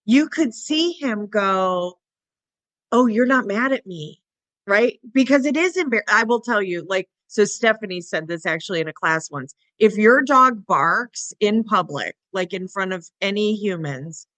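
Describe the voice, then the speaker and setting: A woman's voice: mid-range voice, sharp tone, no room sound. A woman co-hosting a podcast, telling a dog training story casually. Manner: anecdotal storytelling with laughs. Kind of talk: casual conversational interview.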